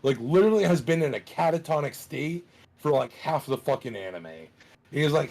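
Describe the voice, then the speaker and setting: Husky, animated man retelling a story. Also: fairly high pitch, fairly quick. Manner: animated, profane retelling, heavy filler "like". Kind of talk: casual storytelling chat.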